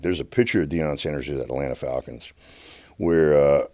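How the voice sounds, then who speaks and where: A middle-aged man with a drawl and a strikingly deep, low voice tells stories as a podcast guest. He talks with passion, stumbling over repeated words and restarting his sentences. The sound is close and dry, with no room echo. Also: creaky. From United States. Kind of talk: passionate storytelling. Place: podcast studio.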